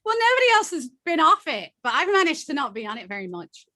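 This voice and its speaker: Bright, excitable woman. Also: high-pitched, fast. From Ireland and Canada. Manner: chatty, self-deprecating, excitable. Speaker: novelist. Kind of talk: casual chat on a video call. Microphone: video call.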